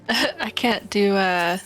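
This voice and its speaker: A woman's voice: mid-range voice, extremely slow, fairly bright tone. Woman, casual let's-play chat, giggly, faint game music behind. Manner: giggly, reads names aloud. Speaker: co-host playing a game.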